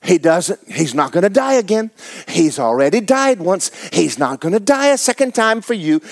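A man preaching a sermon to his congregation. He reads and acts out scripture, fires questions at the crowd, and swings between low asides and loud exclamations. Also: very animated, moderate pace. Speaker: pastor.

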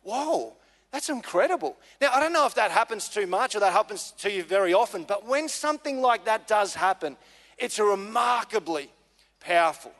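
A man, a pastor telling a personal story in a relaxed, conversational sermon with many fillers. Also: sits high, brisk. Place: church hall. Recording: long reverb of a church hall.

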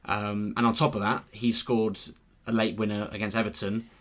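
Low-voiced man chatting football. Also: level tone, moderate pace, fairly bright tone. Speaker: football podcast co-host and reporter. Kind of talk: casual podcast chat.

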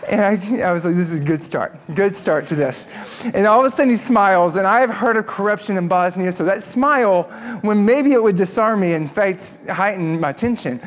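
A man preaching a sermon, telling a personal story in an animated, humorous way. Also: sits high, brisk. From Texas. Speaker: pastor.

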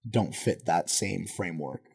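A man's voice: sits low, expressive, measured pace, gravelly, husky. A young man from the Bay Area talking in a loose, laid-back, slangy way in a casual podcast chat. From Bay Area, California.

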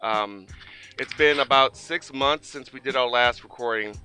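A man's voice: mid-range voice, a little slow, sharp tone, smooth, faint music behind. A man hosting a podcast in loose, joking casual chat. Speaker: podcast host.

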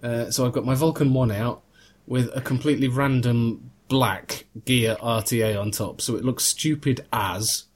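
A man hosts a casual podcast over a video call. He rambles and jokes, trailing off into ums and restarts in a mid-pitched voice. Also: steady tone, normal speed, slight background noise. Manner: rambling, jokey, lots of fillers and restarts. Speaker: podcast host.

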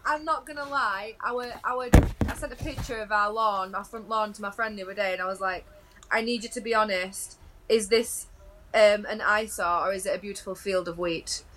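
A woman's voice: medium pitch, normal speed, sharp tone, slight background noise. A woman co-hosting a podcast in casual chat, giggly and often restarting her sentences. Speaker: podcast co-host.

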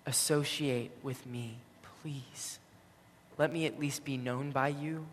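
A man voicing a repentant dying criminal who quietly asks to be remembered. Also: mid-range voice, steady tone, slow, a little hiss or hum, close to an everyday voice. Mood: humble. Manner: quiet, pleading. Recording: long hall reverb.

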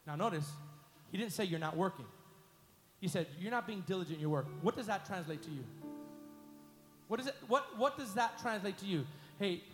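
A man preaching a sermon as pastor, leading his congregation in call-and-response and climbing to loud, emphatic peaks. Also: high-pitched. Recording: echoey hall with faint music.

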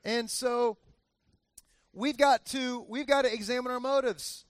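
A man's voice: very high-pitched, fairly even intonation, measured pace, no echo. A male pastor giving a conversational sermon, often repeating phrases for emphasis and adding joking asides.

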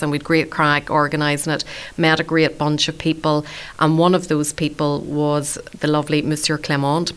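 A woman in her late thirties talks through her story in a low, even voice, clear and smooth. She is chatty and self-deprecating, a community radio food presenter being interviewed.

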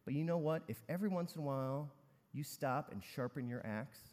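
A man voicing a scrawny, calm and clever lumberjack in a story told from the pulpit, speaking modestly and unhurriedly. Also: a little high, a little fast, lightly acted. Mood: wise. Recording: long reverb in a large hall.

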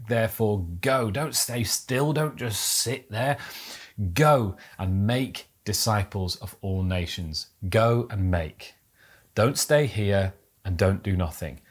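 Man, pastor, sermon, low voice, earnest, exhorting. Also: husky. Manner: earnest, exhorting, rising to emphatic peaks.

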